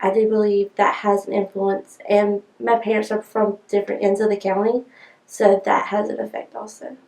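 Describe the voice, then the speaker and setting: A woman's voice: medium pitch, level tone, moderate pace, creaky, darkish tone, echoey room, recorded from a distance, poor audio. A young woman from rural North Carolina with a local accent, chatting and telling a story. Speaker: interviewee.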